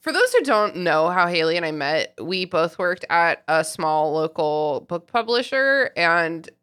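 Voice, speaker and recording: A woman's voice: fairly low pitch, sing-song, a little slow, fairly bright tone, smooth. A woman hosting a podcast in casual chat, chatty and laughing often. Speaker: podcast host.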